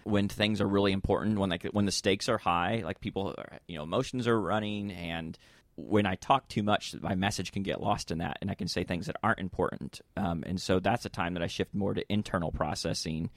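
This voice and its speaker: A man hosting a casual podcast conversation, thoughtful and quick to laugh. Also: low voice, fairly even intonation, no echo. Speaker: podcast host. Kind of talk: casual workplace podcast chat.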